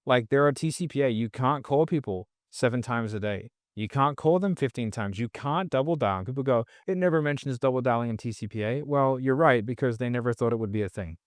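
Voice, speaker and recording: A man's voice: mid-range voice, fairly quick, hardly any pauses, no echo, clean studio sound. A man, guesting on a podcast, ranting bluntly and swearing a lot in casual conversation. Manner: blunt, profane, animated ranting.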